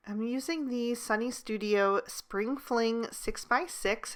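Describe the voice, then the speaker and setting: A woman calmly talking through each step of making a handmade card in a tutorial voice-over, with the odd "um" and "uh". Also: mid-range voice, clear, resonant tone. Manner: calm step-by-step explaining with fillers.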